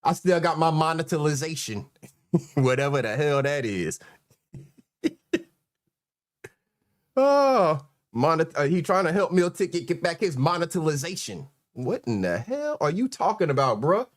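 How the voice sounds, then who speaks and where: A man with a North Carolina accent hosting a casual live stream, relaxed and chuckling as he greets viewers. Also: a little high, unhurried, long pauses. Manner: laid-back, chuckling, shout-outs to viewers. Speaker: livestream host.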